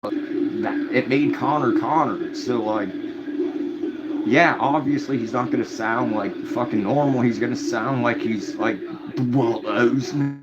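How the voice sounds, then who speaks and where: A man's voice: medium pitch, a little slow. A man hosting a late-night livestream, rambling and swearing through stories in casual chat. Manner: rambling, heavy swearing, storytelling. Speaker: livestream host. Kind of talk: casual chat to a live audience. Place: home room at night. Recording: dull audio with audible background noise.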